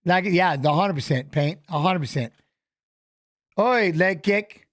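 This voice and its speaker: A man giving casual live commentary on a fight as a watch-along host, animated and coaching the fighters aloud, repeating phrases. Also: sits high, measured pace, no echo, clean studio sound.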